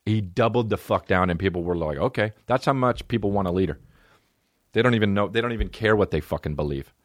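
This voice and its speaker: A man's voice: fast talker, no echo. Profane rambling man, dry mic. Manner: profane, rambling, animated swings in pitch. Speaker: podcast host. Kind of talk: solo podcast rant.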